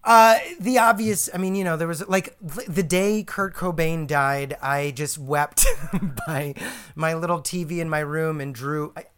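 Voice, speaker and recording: A man talking as a guest on a comedy game podcast, telling stories in a halting, self-interrupting way. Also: on the high side, fairly bright tone, smooth. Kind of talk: casual chat.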